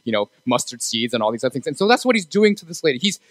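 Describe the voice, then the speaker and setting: A man's voice: mid-range voice, sing-song, very fast, fairly bright tone, no room sound, low-quality recording. A man preaching a casual youth sermon in a church, talking conversationally and often checking in with the room. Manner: conversational, asks the room for agreement. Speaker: youth pastor.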